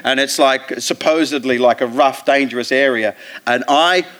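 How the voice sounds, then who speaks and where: Bright, brash Australian man telling stories. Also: medium pitch, moderate pace. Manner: profane, animated storytelling with put-on voices. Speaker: comedian guest. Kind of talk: live podcast interview. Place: theatre stage.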